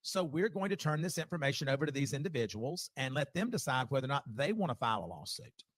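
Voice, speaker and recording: A man's voice: medium pitch, big pitch swings, quick pace, a bit bright, dry recording. A man, speaking bluntly in a wry, dismissive way. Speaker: reality TV personality. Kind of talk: direct-to-camera monologue.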